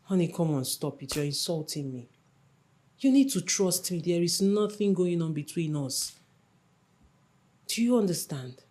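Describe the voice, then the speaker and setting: A woman's voice: fairly low pitch, animated, unhurried, pauses often. An actress playing a young woman who coaxes and reassures her jealous lover. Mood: coaxing. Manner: coaxing, affectionate, reassuring. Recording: soft music underneath.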